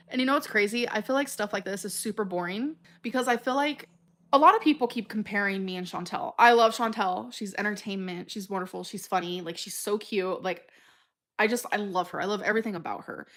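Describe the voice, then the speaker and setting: A woman's voice: medium pitch, brisk, a bit bright. Rambling, emotional woman livestreamer. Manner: rambling, stumbling over words, filler-heavy; emotional and earnest. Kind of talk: casual livestream chat, reading comments.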